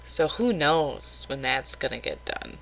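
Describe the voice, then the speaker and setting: A woman's voice: rumbling low, expressive, a little slow, vocal fry, fairly bright tone, low-quality recording. A woman vlogging casually late at night, rambling candidly and criticizing herself.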